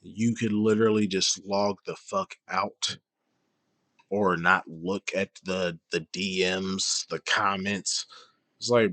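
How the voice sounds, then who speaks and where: A man's voice: low-pitched, steady tone, slow pace, a bit bright, no room sound. A man streaming a reaction, answering a clip with blunt, profane and mocking commentary.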